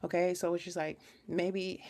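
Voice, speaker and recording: A woman's voice: on the low side, flat delivery, normal speed, dark tone. A woman hosting a live tarot reading, talking in a chatty, earnest, rambling way with lots of restarts. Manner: earnest and emotional. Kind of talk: casual live-stream reading.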